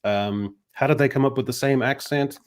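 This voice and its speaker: A man with a mid-pitched voice muses reflectively in a casual panel chat, piling up wry questions. His voice sits at an ordinary pitch. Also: normal speed, clean tone. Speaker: panel guest.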